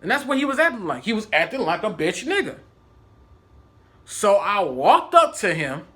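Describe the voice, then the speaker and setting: Casting: male vlogger with a lively, bright voice telling a story in a casual, profane way. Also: high-pitched, normal speed.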